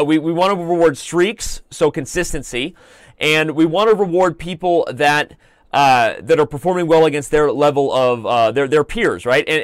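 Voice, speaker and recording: A man hosting a live online chess show, commenting on games in a chatty, joking way and reading out viewer shout-outs. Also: a little high, no echo. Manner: chatty and joking, with playful asides.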